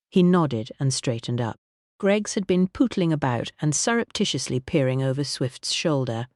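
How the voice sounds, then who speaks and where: An audiobook narrator reading a period mystery novel in an even, measured storytelling manner. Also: mid-range voice, dry recording, studio quality.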